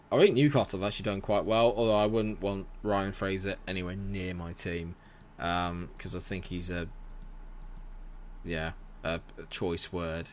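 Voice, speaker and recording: A young man casually commentating on his management game live and chatting with viewers, rambling and friendly in tone. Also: sits low. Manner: chatty, rambling, reads chat aloud and answers it. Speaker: gaming streamer.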